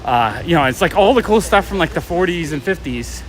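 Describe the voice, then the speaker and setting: Middle-aged male vlogger, high voice, loose and chatty, faint city traffic behind. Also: lively intonation, brisk. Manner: rambling storyteller, chatty with viewers. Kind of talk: casual walking livestream chat. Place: city street outdoors. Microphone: phone or camera carried while walking. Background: traffic and street ambience.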